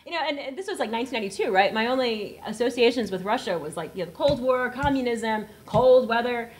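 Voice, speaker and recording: Lively laughing woman telling a story. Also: a little high, fast talker. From South Texas. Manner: animated, laughs often, acts out quoted voices. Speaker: panel guest writer. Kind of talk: storytelling on a panel. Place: auditorium panel discussion.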